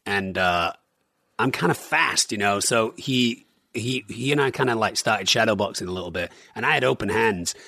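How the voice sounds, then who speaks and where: An English man in casual conversation, telling stories in a loose, rambling way with plenty of fillers. His voice sits a touch low and the sound is close and completely dry, with no room around it. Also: moderate pace, bright, forceful tone, no echo. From England. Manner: rambling storyteller, many fillers. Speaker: guest. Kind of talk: casual chat.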